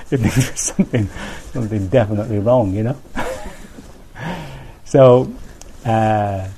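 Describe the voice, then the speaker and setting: A man's voice: fairly low pitch, moderate pace, noisy background. A man teaching as a Buddhist teacher in a conversational dharma talk, thinking aloud with restarts and frequent asides to his listeners.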